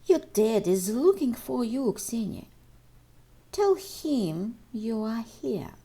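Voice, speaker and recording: A woman's voice: on the high side, very animated, slow pace, dark tone, breathy edge. A woman teacher, reading out homework exercises and answers to children and addressing them directly. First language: Russian. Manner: reads exercises aloud and addresses pupils directly. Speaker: English teacher. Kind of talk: recorded homework walkthrough for children.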